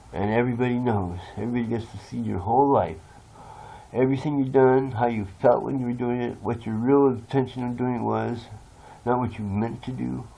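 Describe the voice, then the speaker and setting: Husky man, mid-pitched, unscripted confessional vlog, blunt, curses freely. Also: dark tone, low-quality recording. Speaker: vlogger. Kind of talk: rambling confessional monologue.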